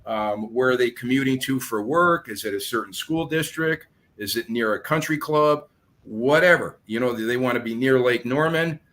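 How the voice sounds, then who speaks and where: A man's voice: medium pitch, normal speed, a bit bright. A man who sells real estate, explaining his methods in a podcast chat and acting out phone calls as he goes. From southern United States. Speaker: guest real estate agent.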